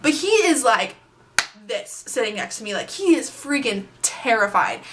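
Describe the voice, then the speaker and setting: A young adult woman telling a story on her vlog, chatty and animated, with plenty of filler words. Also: on the high side, normal speed, background noise. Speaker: vlogger. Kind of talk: casual storytime.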